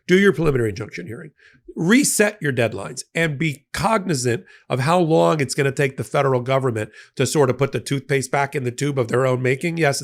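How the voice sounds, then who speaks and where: A middle-aged man giving a legal analysis commentary, unpacking a court ruling step by step with frequent fillers and restarts. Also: medium pitch.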